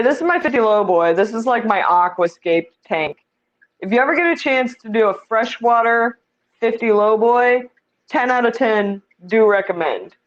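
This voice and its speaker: A woman's voice: medium pitch, muffled recording. A woman giving a casual tour of the fish tanks in her home, chatty and self-deprecating, laughing easily.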